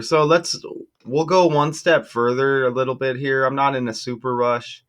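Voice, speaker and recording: A man hosting his own channel, talking casually and excitedly to viewers while walking through on-screen material, exclaiming often. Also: medium pitch, normal speed, smooth. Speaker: channel host decoding news numbers. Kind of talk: casual screen-share commentary.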